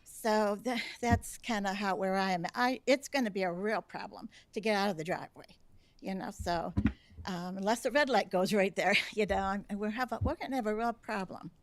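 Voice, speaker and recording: A woman's voice: mid-range voice, moderate pace, dry recording. A woman resident giving a rambling, earnest public comment at a city commission meeting, speaking into a podium microphone. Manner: earnest, rambling, a little emotional. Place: city council chamber.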